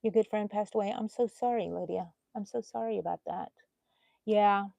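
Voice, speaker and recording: A middle-aged woman, hosting a casual crochet livestream. She chats warmly and emotionally, greeting viewers by name and reassuring them. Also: mid-range voice, moderate pace, creaky, no echo. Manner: chatty, reads out viewer comments by name. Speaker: crochet channel host.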